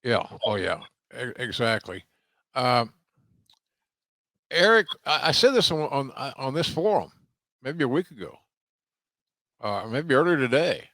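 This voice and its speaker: An older man hosting a podcast, talking casually about wrestling in a halting way with many restarts and slow, emphatic phrases. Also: medium pitch, big pitch swings, a bit bright, dry recording. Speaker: podcast host, wrestling commentator.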